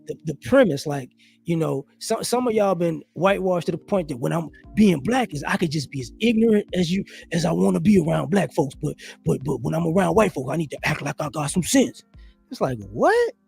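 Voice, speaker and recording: A man's voice: a little high, brisk, creaky, husky, faint music behind. A man hosting a live stream, telling stories and giving his opinions in casual commentary, acting out other people's lines as he goes. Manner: animated storytelling with voiced asides. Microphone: home streaming setup.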